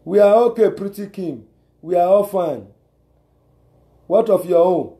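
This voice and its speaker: A man with a high, mellow voice and a Nigerian accent talks a little slowly in a reverberant setting. His advice is preachy, repetitive and exhortative, and he keeps asking rhetorically whether listeners understand.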